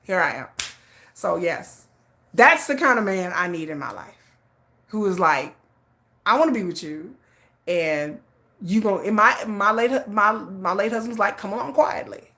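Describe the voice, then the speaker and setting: Lively bright-voiced woman telling a story. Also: medium pitch, a little slow, pauses often. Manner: blunt, laughing, animated storytelling with sassy quoted voices. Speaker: livestream host. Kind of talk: casual storytelling chat.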